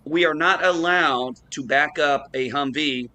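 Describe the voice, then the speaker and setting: A man on a casual online talk show, telling lively anecdotes, acting out the people he quotes and swearing freely. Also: a little high, a little slow. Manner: animated anecdote teller, acts out quoted voices, swears casually. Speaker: show co-host. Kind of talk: casual storytelling chat.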